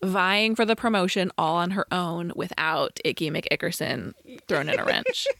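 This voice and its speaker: A woman's voice: lowish voice, sing-song, moderate pace, gravelly, a bit bright, dry recording, clean studio sound. A woman co-hosting a podcast in casual chat, wry and conversational, often laughing mid-sentence. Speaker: podcast co-host reviewing a TV movie.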